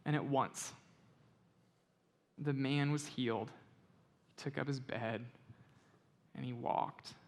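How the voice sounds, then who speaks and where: A man preaching a sermon as pastor, moving from slow, quiet scripture reading to conversational explanation and loud, emphatic stretches. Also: medium pitch, fairly even intonation. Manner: reads scripture slowly and quietly.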